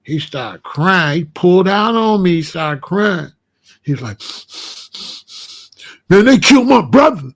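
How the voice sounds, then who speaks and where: Blunt, profane man. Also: vocal fry. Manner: blunt, profane, streetwise storytelling; drops to low, quiet tones when recounting danger. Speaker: commentary channel host. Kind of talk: casual monologue.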